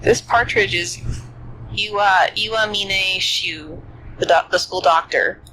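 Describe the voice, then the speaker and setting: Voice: mid-range voice, slow, pushed and bright, a little hiss or hum, poor audio. Streamer reading a visual novel aloud. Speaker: game streamer.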